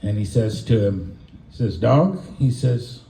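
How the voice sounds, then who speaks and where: A man performing on a porch, telling a rambling shaggy dog joke with halting restarts and fillers. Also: on the low side, creaky, mellow, reverberant, slight background noise, low-quality recording. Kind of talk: folksy joke telling and singing. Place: porch, outdoors.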